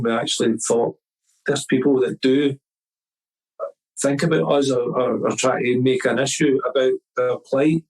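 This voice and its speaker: A middle-aged man talks at an everyday mid pitch as a podcast guest. He tells his story in loose, rambling casual chat. He restarts his phrases often and slips into the voices of the people he quotes. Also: rough recording. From Scotland.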